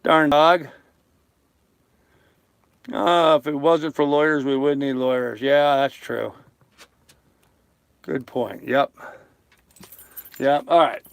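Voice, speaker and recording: Speaking slowly in a gravelly, mid-range voice with fairly even intonation and frequent pauses, an older sailing vlogger talks with his live-stream audience. He's in his small sailboat's cabin on a lake, joking and chuckling at his own lines; the tone is clean and the recording dry.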